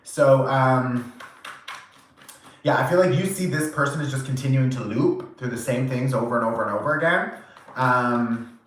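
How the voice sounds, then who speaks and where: A man giving a channeled tarot reading, animated and casual, acting out quoted reactions, swearing now and then and laughing often. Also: medium pitch, normal speed. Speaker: tarot reader. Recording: very echoey room.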